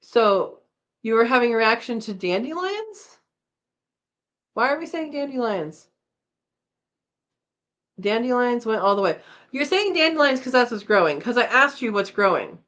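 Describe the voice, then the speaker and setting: A woman's voice: on the high side, sing-song, unhurried, pauses often, fairly bright tone. Tired, chatty woman hosting a live chat. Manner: chatty, laughs often, tired, reads comments aloud. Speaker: livestream host reading viewer comments. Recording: slightly dull lo-fi audio.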